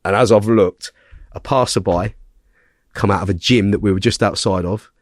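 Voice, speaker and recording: A man's voice: fairly low pitch, normal speed, no room sound, clean studio sound. A man, a podcast guest telling a story in casual conversation. He swears constantly, talks bluntly and keeps checking in with tag questions. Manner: blunt, heavy swearing, animated retelling.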